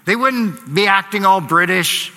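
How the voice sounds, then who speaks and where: Male pastor, conversational preacher, high and bright, reverberant hall sound. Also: expressive, unhurried. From Canada. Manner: conversational, filler-heavy, jokes with the congregation. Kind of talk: sermon. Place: church hall.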